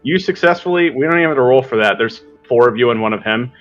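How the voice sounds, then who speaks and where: A man's voice: medium pitch, expressive, quick pace, lo-fi sound, soft background music. Man running a tabletop game. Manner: thinks aloud while checking rules. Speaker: game master.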